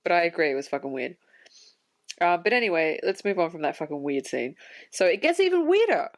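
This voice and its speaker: A woman's voice: lowish voice, sing-song, fairly quick. A woman co-hosting a podcast, rambling incredulously about a film's plot holes in casual talk. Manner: incredulous, rambling, laughs often. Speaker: podcast co-host. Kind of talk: casual film review chat.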